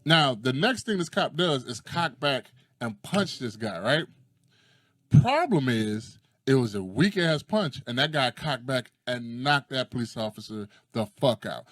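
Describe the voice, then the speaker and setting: A man's voice: medium pitch, unhurried, dry recording, studio quality. A man in casual chat, telling stories with lots of energy, acting out quotes and swearing freely. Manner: animated storyteller who acts out quotes and swears freely.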